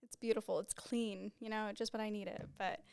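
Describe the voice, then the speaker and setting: A woman's voice: mid-range voice, fairly even intonation, moderate pace, gravelly, a little mellow, smooth, no room sound. A woman in her twenties hosting a casual solo podcast on a podcast microphone in a small studio, rambling and openly emotional. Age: 20s. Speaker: podcast host. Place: small studio room with a white backdrop.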